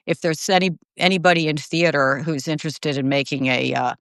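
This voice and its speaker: A middle-aged woman co-hosting a casual live conversation, talking in an animated way and now and then acting out the people she quotes. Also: deep voice, fairly quick, gravelly, smooth, dry recording, studio quality. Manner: animated, quotes others in put-on voices. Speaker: journalist and co-host.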